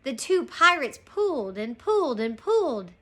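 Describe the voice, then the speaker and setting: A woman teacher reading a chapter book aloud to her class, slow and expressive. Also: high voice. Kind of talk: storybook read-aloud.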